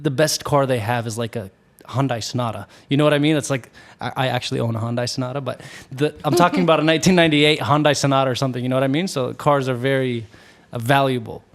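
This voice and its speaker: A young man, a podcast guest, telling a story in casual chat, animated and laughing often. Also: mid-range voice, quick pace, few pauses. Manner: animated, laughs often, restarts mid-sentence.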